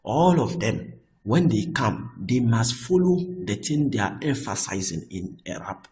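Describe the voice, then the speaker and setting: A man teaching Arabic grammar, often repeating himself and checking with "I hope that is clear.". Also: mid-range voice, sing-song, a little slow, darkish tone, rough recording. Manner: restarts and repeats words often. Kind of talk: explaining Arabic grammar on screen.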